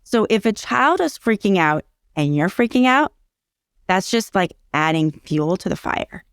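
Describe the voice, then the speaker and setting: A woman's voice: mid-range voice, sing-song, a little slow, clear, resonant tone, no echo, clean studio sound. A middle-aged woman explaining parenting in a casual interview, earnest and teacherly, repeating key phrases for emphasis. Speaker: early childhood educator and parenting guest.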